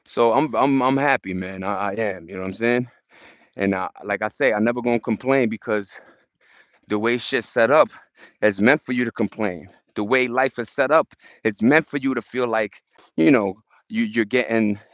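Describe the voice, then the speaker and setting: A man's voice: mid-range voice, fairly bright tone, no echo. New york dude streaming from his phone on a hill walk, loose slangy talk, dry muffled audio. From Brooklyn, New York. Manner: upbeat, profane street slang, greets viewers; talking while walking uphill outdoors. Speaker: livestreaming vlogger. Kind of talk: casual live-stream chat. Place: outdoors in a park on a hill. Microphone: phone held at arm's length.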